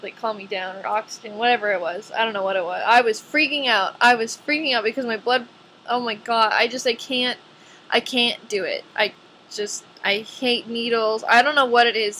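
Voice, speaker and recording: Bright-voiced chatty teen girl vlogger. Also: a little high, steady tone, normal speed, a little hiss or hum. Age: young adult. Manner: chatty, says "like" a lot. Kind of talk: casual chat to camera.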